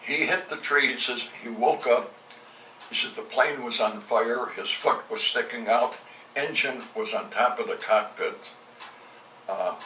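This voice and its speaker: A man's voice: mid-range voice, a little slow, pushed and bright, a little hiss or hum. An older man, a former fighter pilot, recounting his wartime memories in a blunt, salty way, acting out both sides of old conversations. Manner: blunt, salty storytelling with reported dialogue. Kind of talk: recorded war reminiscence. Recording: roomy, dull home tape recording from a distance.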